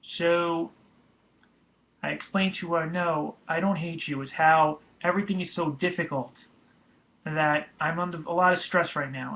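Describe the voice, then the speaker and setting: A young man tells a painful personal story in a slightly high voice. He is halting and emotional and often restarts his sentences. The recording is dull and lo-fi. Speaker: vlogger.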